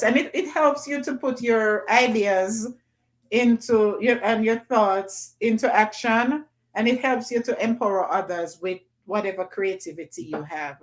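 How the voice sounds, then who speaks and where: Woman, livestream host, loose chatty delivery, reads chat aloud. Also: a little high. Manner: chatty, reads comments aloud, playful patois bits. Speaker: livestream host reading viewer comments.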